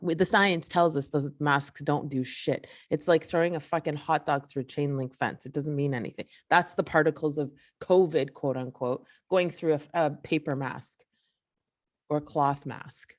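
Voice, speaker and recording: A woman's voice: low-pitched, fairly even intonation, moderate pace. A woman hosting a solo podcast, ranting in a frustrated, emphatic, profane way. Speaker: podcast host. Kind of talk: casual solo podcast rant.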